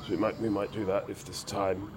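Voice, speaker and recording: Flat in delivery but brisk, this man's low-side voice carries casual commentary on his game stream. He's rambling and whimsical, a little sick and hyper, with game music faintly audible behind him.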